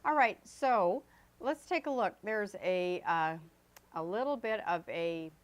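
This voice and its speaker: A woman art instructor gives an oil painting lesson while she paints, speaking slowly in an animated, medium-pitched voice. Her demonstration is chatty and loose, full of fillers and self-corrections.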